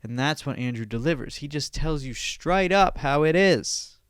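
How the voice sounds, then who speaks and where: A man's voice: on the high side, lively intonation, normal speed, clean tone, no echo, studio quality. A young man hosting a podcast alone, ranting casually with lots of swearing and restarts. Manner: profane, rambling, repeats himself. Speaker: podcast host. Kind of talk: solo podcast rant.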